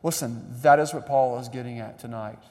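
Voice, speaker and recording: A young adult man preaching a sermon in a conversational, animated way, building up emphasis. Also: mid-range voice, fairly quick. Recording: long reverb of a large hall.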